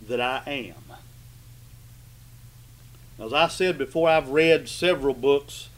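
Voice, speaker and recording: A man preaching a sermon, stressing and repeating key phrases and asking his listeners "right?". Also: mid-range voice. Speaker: pastor.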